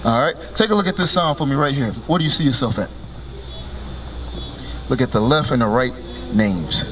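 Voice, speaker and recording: A man's voice: mid-range voice, animated, moderate pace, noisy background. A man preaching on the street, quizzing passers-by with "right?" and ordering scripture to be read aloud before explaining it. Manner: commanding, calls for each scripture reading with a curt "Read", then explains it; quizzes listeners with repeated "right?" and rhetorical questions. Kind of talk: street preaching with questions to listeners.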